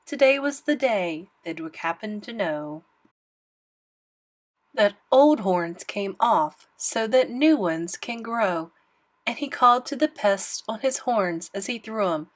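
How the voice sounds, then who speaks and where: Brief: woman storybook reader, slow and expressive, mid-pitched. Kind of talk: reading a rhyming picture book aloud.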